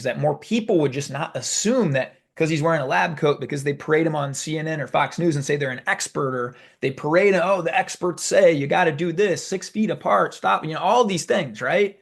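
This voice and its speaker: A man hosting a video, telling a story in a casual, animated, conversational way. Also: fairly high pitch, a little fast, vocal fry, few pauses, breathy edge. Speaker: video host. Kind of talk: casual talk to camera.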